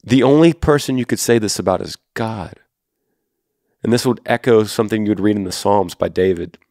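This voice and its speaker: Texan guy in his 30s giving faith advice on a podcast, kinda low voice, real earnest, dry close sound. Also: gravelly, a little mellow, no echo. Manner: earnest, direct, speaks to a listener by name. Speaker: podcast host.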